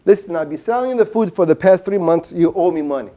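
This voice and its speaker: A man's voice: high voice, animated, fast, mellow. A man voicing a feed seller in a story he tells, who bluntly demands his money. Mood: demanding. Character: pushy male feed seller demanding payment.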